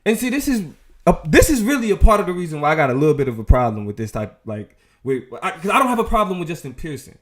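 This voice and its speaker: A man hosting a casual commentary show, talking in an animated, emphatic way with frequent restarts. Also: a little high, fast. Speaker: show host.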